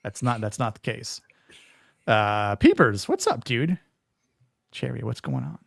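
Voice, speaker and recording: Gravelly laid-back man hosting a stream. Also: mid-range voice, huge pitch swings, a little slow, no echo, studio quality. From Florida. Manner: laid-back, greets chat viewers by name. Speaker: podcast co-host. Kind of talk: casual livestream chat.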